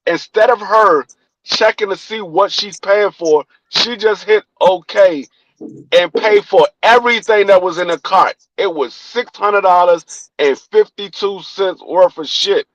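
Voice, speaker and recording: Unhurried and animated, a high-voiced podcast co-host from Washington, D.C., speaking with a D.C. accent, tells profane stories in casual chat, acting out quoted dialogue. The sound is lo-fi, with no echo.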